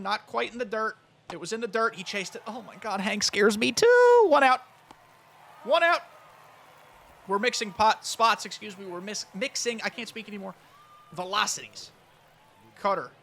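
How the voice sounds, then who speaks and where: A man giving excitable, chatty live commentary on his own baseball video game play, talking straight to his viewers. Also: sits high, creaky. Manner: excitable, chatty, talks to chat. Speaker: gaming YouTuber.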